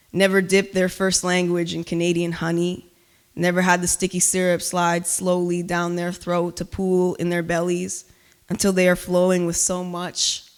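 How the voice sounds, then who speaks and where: Intense woman poet, smooth clear voice. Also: lowish voice. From Cuba. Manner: loud, emphatic, intense delivery. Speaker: spoken word poet. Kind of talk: spoken word poetry performance with chatty asides. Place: live reading at an art gallery.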